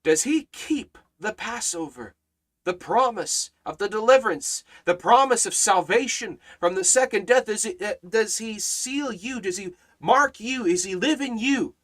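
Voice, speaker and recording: A man with a high voice preaches through a Bible study. He hammers phrases by repeating them, swelling loud and dropping low. His delivery is earnest and emphatic. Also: animated, unhurried. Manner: emphatic, repeats phrases with rising and falling force. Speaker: Bible teacher.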